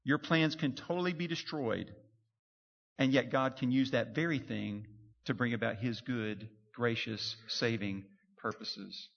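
A man's voice: mid-range voice, unhurried, gravelly. A man preaching a sermon as a pastor, in a conversational way, acting out quoted voices. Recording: dull sound with long hall reverb.

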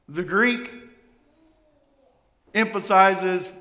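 Male pastor, slightly high, emphatic sermon delivery, reverberant sanctuary sound. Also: takes it slowly, long pauses. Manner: emphatic preacher, swings from hushed to loud. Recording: echoey hall.

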